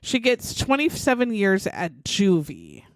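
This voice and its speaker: Animated woman telling a true crime story. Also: mid-range voice, unhurried, dry recording. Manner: animated, acts out quotes, swears freely. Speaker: podcast host.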